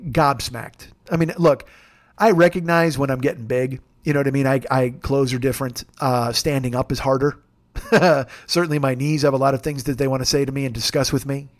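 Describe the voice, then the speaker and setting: A middle-aged man talking in a candid, profane, self-deprecating way, rambling and restarting as he hosts a confessional podcast monologue. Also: mid-range voice. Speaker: podcast host.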